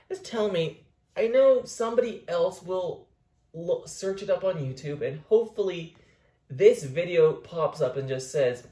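Tired, foul-mouthed young Canadian vlogger, animated delivery, roomy echo. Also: male voice, on the high side, moderate pace. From Ontario, Canada. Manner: profane, rambling, swings between outbursts and mumbling. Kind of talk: casual rambling vlog. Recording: echoey room.

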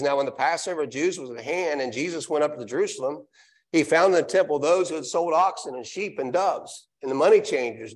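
A man preaching a live sermon in a church, reading scripture aloud and then restating it with emphatic repetition. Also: a little high. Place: church sanctuary.

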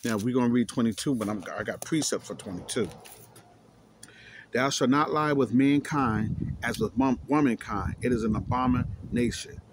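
A man's voice: mid-range voice, moderate pace, slight background noise. A man reading scripture aloud and explaining it emphatically, repeating key words and challenging his listeners. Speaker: scripture teacher.

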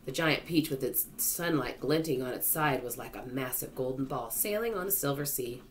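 A woman's voice: very deep voice, a little fast, hardly any pauses. A woman reading a children's novel aloud to students, narrating expressively.

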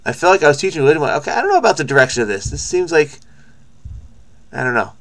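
A man's voice: on the high side, big pitch swings, fast talker, a bit bright. A man hosting a crossword video, thinking aloud in a frenetic, rambling way, with frequent restarts and stammers. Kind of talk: casual think-aloud commentary.

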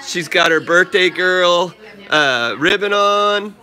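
A man in his thirties hosting a family livestream from home, talking to his young daughter and viewers in an exclamatory, sing-song way with frequent high leaps. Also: lively intonation, slow pace, pushed and bright. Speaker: vlogger dad hosting a livestream. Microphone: phone camera.

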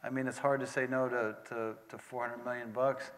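A man in his forties as guest on stage, talking casually and laughing with quick interjections. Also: medium pitch, little pitch movement. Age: 40s. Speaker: guest speaker. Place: lecture hall. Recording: reverberant hall with faint noise.

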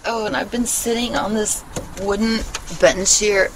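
Chatty vlogger rambling on a phone outside, swears a lot, laughs a lot, mid pitch, bit of faint background noise. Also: steady tone, a little slow. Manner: rambling and candid, swears freely, laughs often. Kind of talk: casual personal vlog chat. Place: outdoors in a meadow, sitting on a wooden bench.

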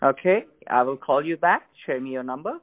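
A man's voice: mid-range voice, animated, a little fast. A man working as a phone support agent, curt and insistent. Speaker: call center agent. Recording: tinny phone line, busy call center. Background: crowd chatter.

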